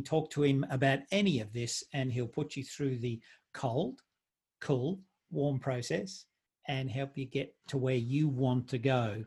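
This podcast host has a husky, mid-range voice and keeps things loose with his guest, joking around and laughing easily throughout the casual interview chat.

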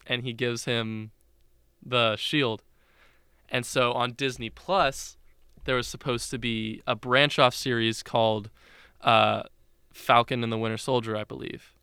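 Bright, crisp-voiced young man rambling. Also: medium pitch, level tone, unhurried, no room sound, clean studio sound. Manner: rambling, filler-heavy retelling with restarts. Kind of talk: casual chat.

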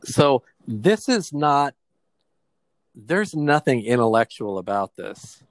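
A man's voice: mid-range voice, big pitch swings, slow pace, no room sound. A man in his forties from New Jersey, casually and reflectively retelling a personal therapy experience with quoted dialogue. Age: 40s.

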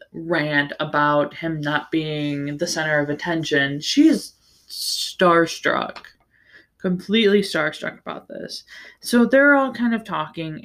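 A woman hosting a podcast, giving a casual, rambling book recap with plenty of fillers, restarts and the odd swear word. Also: sits low. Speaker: podcast host.

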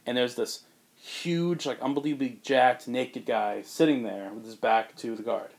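A man hosting a casual chat, telling a film pitch with lively character voices and frequent laughs. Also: moderate pace, vocal fry. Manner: animated storyteller, does character voices, laughs often. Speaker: podcast host pitching a film. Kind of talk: casual chat, acting out scenes.

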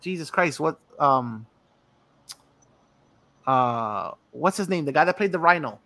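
A man in casual chat, animated and profane, laughing often. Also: on the high side, unhurried.

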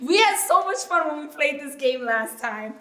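A woman's voice: high-pitched, lively intonation, normal speed, a bit bright. A woman hosting a podcast, chatting casually and frankly and laughing often as she interviews her guests. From New York. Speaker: podcast host. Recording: echoey room.

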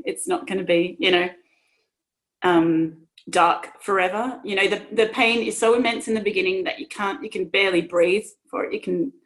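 A woman in her thirties speaking earnestly and emotionally about her own experiences, with many restarts. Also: mid-range voice. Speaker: podcast guest. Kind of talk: personal conversation.

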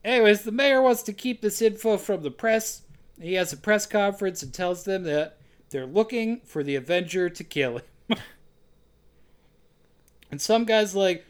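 A man co-hosting a casual comedy podcast, recapping a film plot with sarcastic asides and quick jokey quotes. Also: high-pitched, clean tone. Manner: sarcastic, quick asides, acts out lines in silly voices.

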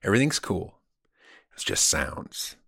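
A man's voice: low-pitched, huge pitch swings, unhurried, gravelly, bright, forceful tone, slightly rough, dry recording, studio quality. A man in his forties co-hosting a casual comedy podcast, telling crude stories and acting out quotes in funny voices. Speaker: podcast co-host.

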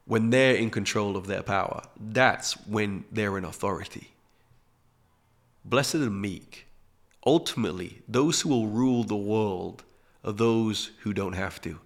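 Gravelly low-voiced man teaching. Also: measured pace. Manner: reflective, dropping to hushed emphasis. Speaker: podcast host. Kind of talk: spiritual teaching talk.

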